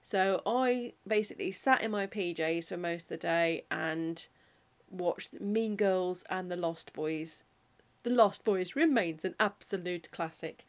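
A woman's voice: lowish voice, measured pace. Chatty self-mocking woman podcast host. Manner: self-deprecating, animated, quotes films in put-on voices. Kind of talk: casual chatty monologue.

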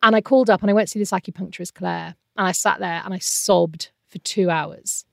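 A woman's voice: fairly low pitch, brisk, vocal fry, no echo, clean studio sound. A woman in her thirties, a guest telling a painful personal story in an earnest, emotional way. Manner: earnest, emotional, animated quoting of others.

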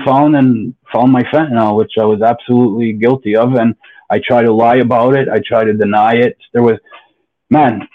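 A man telling his own story as a podcast guest, candid, blunt and profane, often rambling. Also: mid-range voice. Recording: phone-like narrow line.

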